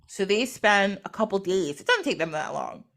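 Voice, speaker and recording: A woman's voice: medium pitch, animated, normal speed, fairly bright tone. A woman retelling a myth in casual storytelling style, chatty, acting out the characters through quoted dialogue. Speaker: podcast host or guest.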